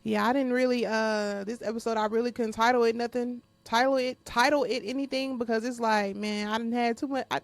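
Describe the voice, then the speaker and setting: Blunt, gravelly-voiced woman podcast host. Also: a little high, steady tone, brisk, hardly any pauses, dry recording. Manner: blunt and profane, addressing listeners directly; frequent laughter while venting. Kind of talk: casual podcast monologue.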